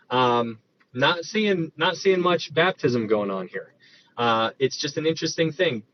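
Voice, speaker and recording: A man's voice: medium pitch, moderate pace. A man giving a casual Bible study, talking it through with restarts and reading verses aloud. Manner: conversational, thinks aloud with restarts, reads verses aloud. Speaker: Bible teacher. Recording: dull lo-fi recording with faint noise.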